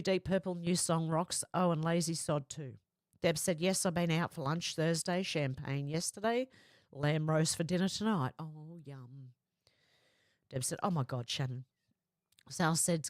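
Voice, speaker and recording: A woman's voice: lowish voice, no room sound, studio quality. A woman hosting a livestream in casual chat, reading viewer comments aloud and answering them, often laughing. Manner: reads comments aloud and chats back, often breaking into laughter.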